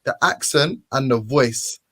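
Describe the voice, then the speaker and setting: A man hosting a casual group voice chat, animated and talking over others to get the floor. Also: mid-range voice, measured pace, heavy background noise. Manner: animated, keeps cutting in with "hold on, listen". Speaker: host.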